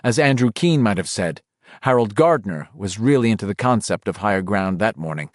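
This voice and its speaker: A man's voice: lowish voice, animated, brisk, dry recording, clean studio sound. A man narrating a horror novel as an audiobook, in a dramatic, varied reading.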